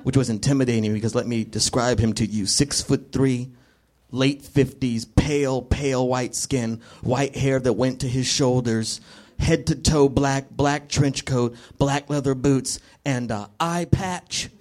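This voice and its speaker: A man performing stand-up comedy in a club, telling a story in an animated way and slipping into voices. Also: mid-range voice, unhurried. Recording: live club with crowd and noise.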